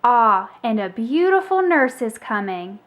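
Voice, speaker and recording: A woman's voice: fairly high pitch, sing-song, measured pace, fairly bright tone. A woman doing Snoopy, a melodramatic flying-ace dog. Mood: dramatic. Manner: dramatic, heroic exclamations. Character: male cartoon dog dreaming he's a heroic war pilot. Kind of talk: children's storybook read-aloud.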